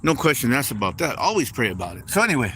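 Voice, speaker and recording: A man's voice: medium pitch, fast. A man giving an informal, conversational sermon, repeating phrases and speaking straight to his listeners as folks. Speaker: preacher. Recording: steady background noise.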